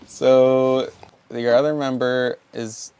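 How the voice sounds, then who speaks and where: A man running a tabletop game as game master, narrating in an unhurried, laid-back way with fillers. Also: mid-range voice, level tone, a little mellow, clean tone.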